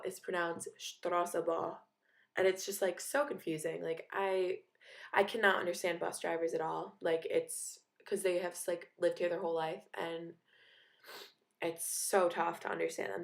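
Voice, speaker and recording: Chatty teen girl, full of likes. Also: on the low side. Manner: rambling, filler-heavy, chatty. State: a little sick. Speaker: exchange student. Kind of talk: casual video diary.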